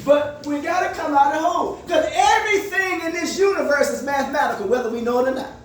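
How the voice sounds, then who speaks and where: A man counsels a group in a motivational call-and-response style, posing leading questions for listeners to finish and often raising his voice for emphasis. His voice is extremely high and fast, with a little hiss or hum, recorded far from the mic in an echoey room.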